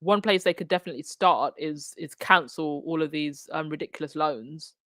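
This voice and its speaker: A woman's voice: deep voice, normal speed, fairly bright tone, no echo, clean studio sound. A woman with an Essex accent chatting casually as host of a commentary livestream, reading out articles and viewer comments with lots of restarts. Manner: frequent restarts and fillers.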